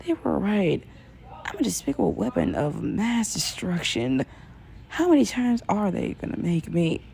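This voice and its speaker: A woman voicing a brooding, tormented male hedgehog in a fan audio drama, speaking forcefully and bitterly. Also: medium pitch, big pitch swings, moderate pace, gravelly. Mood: anguished. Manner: forceful, bitter, self-loathing.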